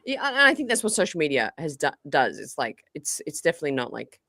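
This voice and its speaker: A woman's voice: deep voice, dry recording, clean studio sound. A woman guest on a podcast, chatting casually and animatedly, with lots of fillers and restarts. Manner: animated, fast, full of likes and restarts.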